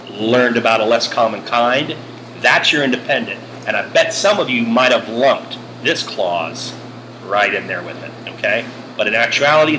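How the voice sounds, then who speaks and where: Animated joking male English teacher. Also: medium pitch, low-quality recording. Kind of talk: recorded grammar lesson over slides. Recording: air conditioning hum behind.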